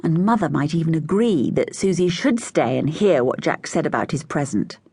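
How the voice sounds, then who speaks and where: Lively woman reading a children's story. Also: moderate pace, breathy edge, dry recording, studio quality. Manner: lively, voices each child with raised pitch. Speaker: audiobook narrator. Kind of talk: scripted children's story narration.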